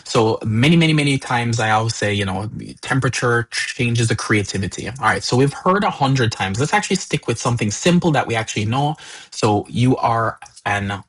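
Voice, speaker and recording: A man teaches a live workshop in a husky voice at a middle pitch. He talks loosely, repeating words and leaning on fillers as he explains. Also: expressive, fairly quick, a bit bright, low-quality recording. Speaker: workshop instructor.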